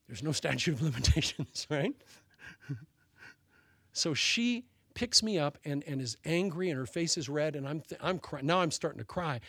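A man preaching a sermon as pastor, telling a story with animated delivery and laughing at his own jokes. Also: fairly high pitch, moderate pace, no echo.

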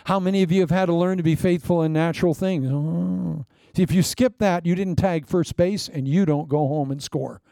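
Pastor guy preaching, gravelly warm voice, animated, keeps laughing and acting bits out, dry sound. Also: a little high, moderate pace, no echo. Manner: animated preaching with laughing asides and playacted anecdotes. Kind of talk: sermon.

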